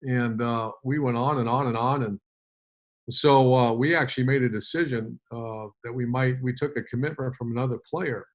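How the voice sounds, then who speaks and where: A man's voice: mid-range voice, fairly even intonation, moderate pace. A man in his fifties, a former head coach, telling a long story in an interview with many fillers and restarts.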